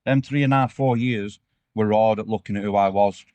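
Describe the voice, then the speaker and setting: A man's voice: fairly low pitch, brisk, a little mellow, no echo. A man, a former prisoner as interview guest, telling his story candidly with rambling restarts. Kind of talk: casual interview chat.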